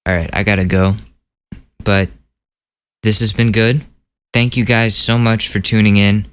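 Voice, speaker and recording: A man's voice: fairly low pitch, level tone, unhurried, long pauses, a bit bright, clean tone. A man hosting a casual news podcast, ranting and joking with plenty of swearing. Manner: ranting, profane, jokey. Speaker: podcast host.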